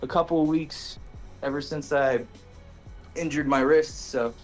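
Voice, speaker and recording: A man's voice: on the high side, steady tone, a little slow, soft background music. A man being interviewed about a match, talking in a laid-back, rambling way and swearing now and then. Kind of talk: casual chat.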